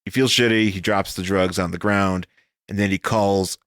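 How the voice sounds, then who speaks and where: A man co-hosting a casual comic book podcast, jokey and animated, often acting out characters in silly voices. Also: low-pitched, normal speed, dry recording, clean studio sound. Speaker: podcast co-host.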